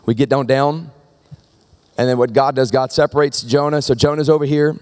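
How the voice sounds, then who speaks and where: A man preaching a sermon in a lively, conversational way, often asking the congregation questions. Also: mid-range voice, normal speed. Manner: animated, conversational preaching with rhetorical questions to the crowd. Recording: long reverb of a large hall.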